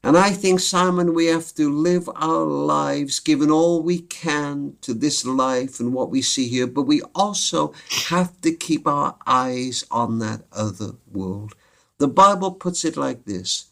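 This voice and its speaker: A man's voice: a little high, slow, vocal fry, a bit bright. A man, a guest on a podcast, telling a moving story with dramatic pacing and quoted voices.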